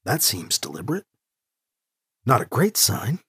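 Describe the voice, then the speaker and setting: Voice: medium pitch, sing-song, unhurried, fairly bright tone, husky, voice pushed down, full character voice. A narrator voicing a young man who is uneasy and guilty, trying to sound friendly, for an audiobook. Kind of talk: audiobook character reading.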